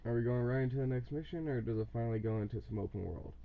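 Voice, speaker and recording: Casting: young male streamer, gravelly, faint background noise. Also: mid-range voice, rapid-fire, phone-quality sound. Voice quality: casual, profane. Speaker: streamer playing a game. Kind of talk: casual game commentary.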